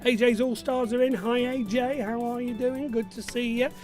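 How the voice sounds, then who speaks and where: Chatty high-voiced quiz host. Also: male voice, steady tone, moderate pace, darkish tone, faint music behind. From Burnley, Lancashire, England. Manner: chatty, reads out viewer messages and jokes. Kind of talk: live-streamed pub quiz chat.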